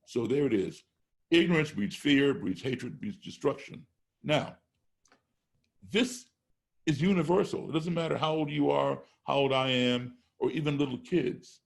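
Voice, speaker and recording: A middle-aged American man, a guest on a podcast, tells a story with emphatic points built step by step, acting out classroom exchanges. His medium-pitched voice has lively intonation and vocal fry, and he keeps a measured pace.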